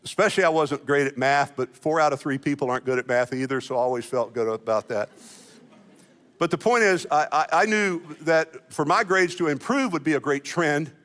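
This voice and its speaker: A man's voice: on the high side, animated, brisk, a bit bright. Folksy man preaching in a reverberant hall. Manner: folksy and self-deprecating, with many restarts and repeated words. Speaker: senior pastor. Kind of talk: sermon. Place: church sanctuary. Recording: long church hall reverb.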